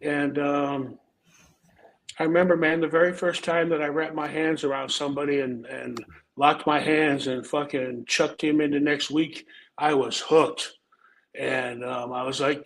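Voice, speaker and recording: Gravelly, laid-back man telling stories. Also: a little high, fairly even intonation, measured pace, a little hiss or hum, low-quality recording. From Omaha, Nebraska. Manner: laid-back and profane, peppers talk with "man" and "um". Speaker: podcast guest storyteller, former wrestler. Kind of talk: casual storytelling.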